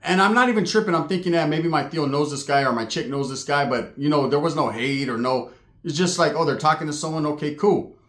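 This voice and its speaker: A man telling a true paranormal story in a casual, streetwise way, swearing freely and getting animated. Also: a little high, fast talker. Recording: echoey room.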